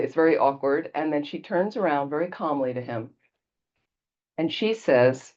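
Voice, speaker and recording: Low-voiced woman Buddhist teacher. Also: lively intonation, moderate pace, a little mellow, dull audio. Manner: conversational storytelling, checks in with "okay?". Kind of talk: casual dharma talk.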